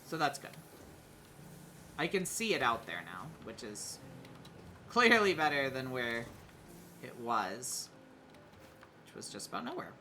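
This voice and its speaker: Very bright-voiced streamer, halting speech. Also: medium pitch, very animated, a little hiss or hum. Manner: hesitant, many fillers and restarts; hums tunes while playing. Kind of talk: casual gaming stream chat.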